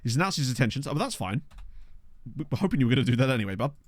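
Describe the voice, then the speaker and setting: A man casually commenting on a football management game he is playing, chatty and excitable, reacting aloud and talking to his chat. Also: medium pitch, rapid-fire, no echo. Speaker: streamer. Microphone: desk microphone.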